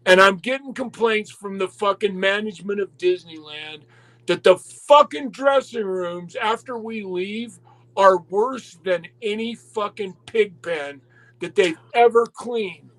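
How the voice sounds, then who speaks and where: A man voicing an enraged older wrestling boss who yells a profane tirade at his crew. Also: high-pitched, unhurried, rough recording. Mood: furious yelling. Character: furious older male wrestling boss, cursing.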